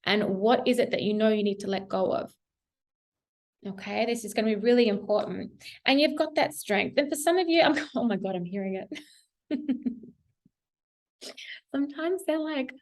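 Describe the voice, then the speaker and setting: A woman's voice: fairly high pitch, moderate pace, pauses often. A young adult woman giving a casual tarot reading, chatty and encouraging, laughing often and talking with many fillers. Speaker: tarot reader.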